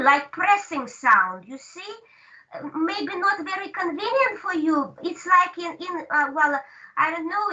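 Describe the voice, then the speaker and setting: Woman lecturer, very high and bright voice, slow deliberate delivery, distant dull lo-fi mic. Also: expressive. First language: Russian. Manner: slow, repetitive, checks in with "right?". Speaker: language teacher. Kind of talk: online class lecture.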